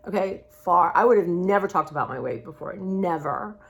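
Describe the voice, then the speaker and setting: A woman's voice: on the low side, expressive, fast talker, gravelly. A woman talking candidly in a personal vlog, rambling and heartfelt in a confiding way. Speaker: vlogger.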